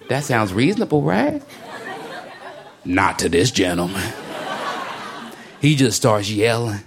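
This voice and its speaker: A male stand-up comedian telling a story in an animated, conversational way and slipping into voices for the people in it. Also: mid-range voice, measured pace, pauses often, a faint crowd.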